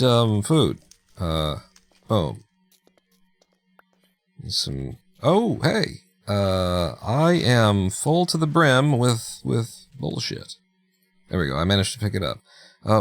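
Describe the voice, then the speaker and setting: A man's voice: fairly low pitch, no echo. A man chatting casually through live gameplay, joking, laughing and talking to himself as he plays. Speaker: streamer.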